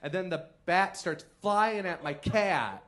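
A man's voice: high-pitched, animated, slow, fairly bright tone. A man doing comic storytelling on a podcast, laughing mid-sentence and acting out quotes with big jumps in voice. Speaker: comedian guest. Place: theater stage.

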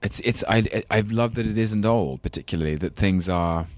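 A man's voice: on the low side, darkish tone, dry recording. A man in his thirties with a London English accent, chatting as an interview guest, self-deprecating, with many fillers and restarts. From England. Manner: does quick character voices in anecdotes. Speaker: guest actor. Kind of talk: casual interview chat.

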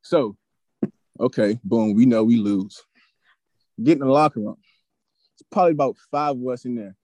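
A young man in his twenties, a podcast guest telling a story in a casual, animated, profane way that turns heated. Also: mid-range voice, moderate pace, no room sound. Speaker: podcast guest, former college football player.

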